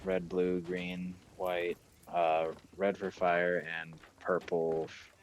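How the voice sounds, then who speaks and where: A man's voice: sits low, completely flat delivery, takes it slowly, slight background noise. A man chatting casually while gaming with a friend, matter-of-fact as he lists game details. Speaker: co-op gaming partner.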